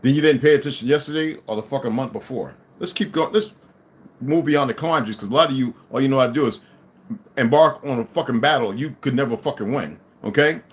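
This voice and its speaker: A middle-aged livestream host with a medium-pitched voice speaks at a quick pace, delivering an angry, profane monologue to his audience and swearing and insulting as he rants.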